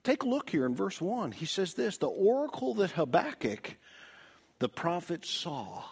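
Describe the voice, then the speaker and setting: A male preacher in middle age delivers a sermon at an unhurried pace. His fairly high voice moves up and down a great deal as he goes. He swings between loud, pleading cries and hushed whispers. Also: very animated, vocal fry, husky. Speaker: pastor.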